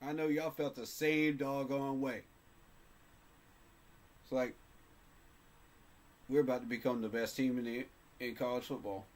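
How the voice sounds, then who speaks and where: A man's voice: mid-range voice, steady tone, measured pace, pauses often, a little mellow. A man hosting a sports fan channel, talking casually to camera in a passionate, emphatic way and repeating phrases for effect.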